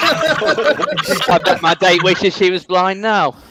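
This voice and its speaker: A man comperes a comedy night on a stage mic, his voice slightly high. He talks in a loose, halting way, full of ums and restarts, and chuckles at his own gags. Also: heavy background noise. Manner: chatty, hesitant, full of ums, laughs at own jokes. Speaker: comedy show host.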